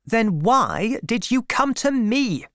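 A man's voice: very high-pitched, sing-song, fairly bright tone, dry recording, clean studio sound, voice pushed up, heavily acted. A man putting on a firm young woman farmer. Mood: firm refusal. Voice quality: raised, lighter voice. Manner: firm, slow and deliberate. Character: proud young woman farmer, refusing a suitor.

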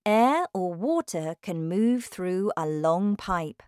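Woman narrator, slow learner reading, lively melody, dry close mic. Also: on the low side, no echo. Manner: careful, clearly paced reading.

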